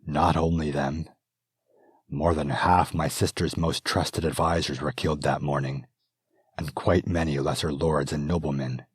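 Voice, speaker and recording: A man's voice: rumbling low, fairly even intonation, measured pace, slightly rough, no echo, clean studio sound, full character voice. A man reading an audiobook, voicing a weary young princess regent who speaks in a subdued, formal way. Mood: grieving.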